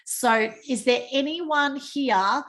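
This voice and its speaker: An Australian woman hosting a team training call, chatty and quick to joke at her own typing slips. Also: high voice, a bit bright. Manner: chatty, self-mocking, exclaims over slips. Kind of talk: screen-share training call. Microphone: video call.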